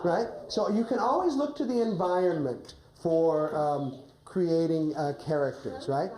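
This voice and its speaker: A woman's voice: sits low, unhurried, dark tone, echoey room, poor audio. A woman coaching a teacher through a classroom drama lesson, often ending phrases with a questioning "right?". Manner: ends phrases with a rising "right?".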